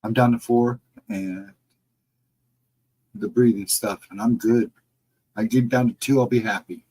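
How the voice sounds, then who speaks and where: A middle-aged man hosting a casual livestream, reading the chat and answering viewers in a relaxed, reassuring way. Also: mid-range voice, measured pace, breathy edge, low-quality recording. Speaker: livestream host.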